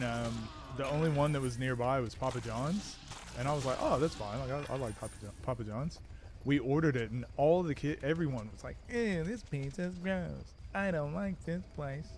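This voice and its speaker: A man's voice: medium pitch, normal speed, background noise. A man chatting casually while streaming a video game, rambling and self-deprecating. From Australia. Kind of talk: casual gaming stream chat.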